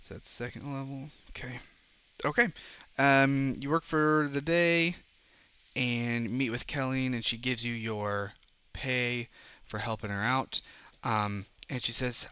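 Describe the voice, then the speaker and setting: A man narrating a tabletop game as its game master. His voice is bright and forward, and he keeps the tone casual. He laughs often between his descriptions. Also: mid-range voice, fairly even intonation, takes it slowly, smooth, highs cut off.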